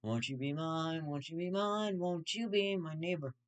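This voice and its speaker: Sweet, sleepy children's TV host in a sing-song croon, a man's impression, pitched up and a little quieter. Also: moderate pace, clean tone, lightly acted. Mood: mock-sweet. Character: gentle, dreamy children's TV host singing.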